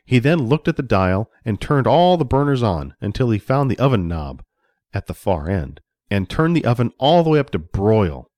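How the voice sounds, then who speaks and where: A man reading a children's story aloud with expressive storytelling. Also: fairly low pitch, moderate pace, dry recording, clean studio sound. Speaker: narrator.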